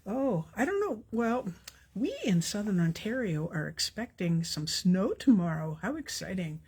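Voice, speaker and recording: A woman's voice: mid-range voice, very animated, measured pace, a little mellow, husky. An older woman, chatting with viewers as she demonstrates a craft on a live stream, friendly and self-deprecating. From Canada. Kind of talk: casual live-stream tutorial.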